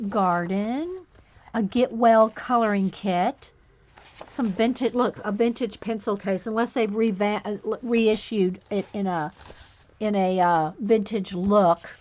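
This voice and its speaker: A woman's voice: mid-range voice, darkish tone. Chatty woman greeting her stream. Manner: chatty, greets viewers by name. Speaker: livestream host. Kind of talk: casual livestream chat. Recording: dull lo-fi stream audio.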